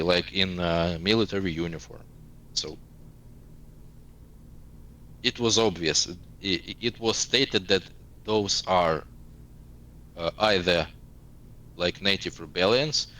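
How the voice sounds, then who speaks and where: Low-voiced man, halting English. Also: a bit bright, rough recording. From eastern Ukraine. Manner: searching for words in a second language. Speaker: guest. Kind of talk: casual interview talk.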